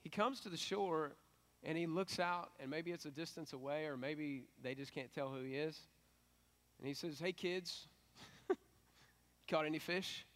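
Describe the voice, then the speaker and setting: A middle-aged man preaches a sermon in a loose, chatty way, his slightly higher voice climbing whenever he drives a point home. He talks to the congregation like a friend and uses everyday slang. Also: moderate pace. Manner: conversational, animated preaching with rising emphasis. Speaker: pastor.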